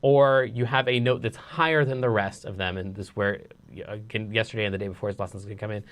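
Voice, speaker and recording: A man casually teaching songwriting in a live online lesson, relaxed and rambling with restarts. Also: fairly low pitch, a little fast. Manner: sings nonsense syllables to show rhythm.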